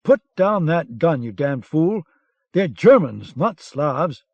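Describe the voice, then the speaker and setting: A man's voice: medium pitch, expressive, normal speed, dry recording, natural voice. A man voicing a blustering German army lieutenant who barks commands, on a dull lo-fi cassette audiobook recording. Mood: bellowing. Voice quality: barking, commanding.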